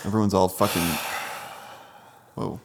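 A man's voice: lowish voice, little pitch movement, a little slow, creaky. A man co-hosting a podcast in casual chat, wry and profane. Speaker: podcast co-host.

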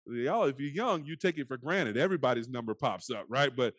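A man preaching a sermon as pastor, earnest, often dropping to soft hushed phrases. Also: mid-range voice, fairly quick, breathy edge, dry recording. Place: church sanctuary.

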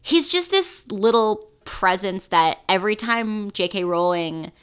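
Blunt bright-voiced woman podcaster. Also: mid-range voice, expressive, a little slow, clear, resonant tone. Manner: blunt, opinionated, swears. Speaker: podcast co-host. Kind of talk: casual chat.

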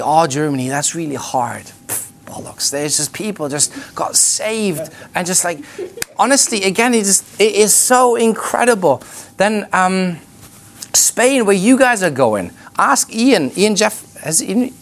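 A man teaching a ministry school class, telling lively outreach stories and acting out the voices of the people in them, with frequent restarts. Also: fairly high pitch, a little hiss or hum. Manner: animated storyteller, acts out quoted voices, frequent restarts.

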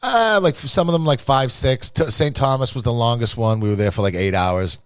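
A man telling stories in casual, profane podcast chat, animated and full of quoted voices. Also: mid-range voice, brisk, smooth, dry recording, clean studio sound.

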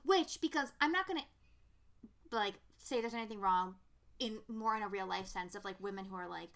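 Bright-voiced young woman, animated and profane. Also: medium pitch, fairly quick. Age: young adult. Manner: animated, profane, heavy use of "like". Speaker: podcast co-host. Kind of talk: casual chat.

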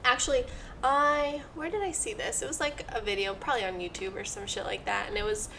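A woman co-hosts a podcast with joking, teasing banter and an easy manner. Her pitch sits in the middle range. A faint hiss runs under her voice. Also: brisk, gravelly, a bit bright. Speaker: podcast co-host. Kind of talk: casual chat.

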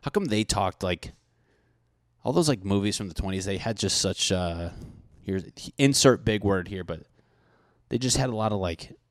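A man's voice: on the low side, lively intonation, moderate pace, pauses often, dry recording, clean studio sound. A man in his thirties in casual comedic chat, rambling and swearing, often acting out mock dialogue.

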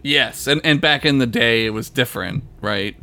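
A man's voice: medium pitch, moderate pace, creaky, sharp tone. A man co-hosting a casual podcast, laid-back and jokey, full of "like" fillers and the odd swear word. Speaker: podcast co-host. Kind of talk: casual chat.

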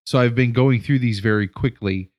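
A man's voice: medium pitch, normal speed, darkish tone. A man telling a story on a casual podcast, rambling with many fillers and restarts; an educator. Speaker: podcast co-host.

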